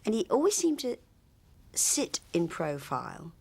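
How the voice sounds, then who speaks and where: A woman interviewee telling anecdotes in a chatty, animated way, often restarting her sentences. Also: mid-range voice, measured pace, creaky, husky. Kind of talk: anecdotal reminiscence.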